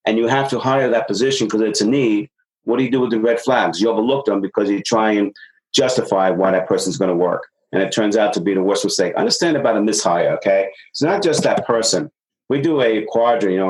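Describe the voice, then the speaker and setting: This middle-aged man, a sales consultant being interviewed for a podcast, speaks with energy and performs the quoted lines from his anecdotes. His voice leans low, and the recording is of low quality.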